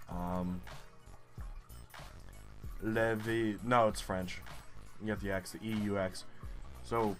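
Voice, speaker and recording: Low-voiced, cursing game commentator man. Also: fairly bright tone. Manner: frustrated, profane, rants at the game. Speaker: gaming YouTuber. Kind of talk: live gameplay commentary.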